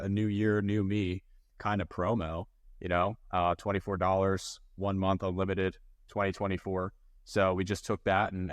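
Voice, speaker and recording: A man's voice: sits low, no room sound, studio quality. A man, a guest in a casual interview, explaining things in a matter-of-fact way.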